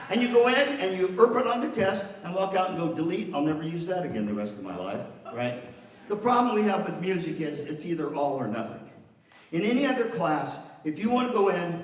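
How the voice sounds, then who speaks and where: A man's voice: fairly high pitch, a bit bright, a little hiss or hum. An older man giving a playful motivational talk as guest speaker at a university, teasing the audience. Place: university hall. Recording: roomy hall from far off.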